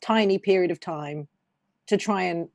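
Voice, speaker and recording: A woman's voice: fairly low pitch, normal speed, creaky, darkish tone, dry recording, studio quality. A woman with a southern English accent co-hosting an online English lesson, explaining things casually with lots of "like" fillers. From southern England. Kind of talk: casual explanation on a video call.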